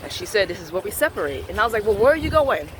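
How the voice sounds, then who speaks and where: A man telling a personal faith story with deep feeling. He acts out the quoted dialogue and moves between quiet, hushed moments and loud outbursts. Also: big pitch swings, very fast, a little hiss or hum, low-quality recording. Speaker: vlogger sharing a personal faith testimony.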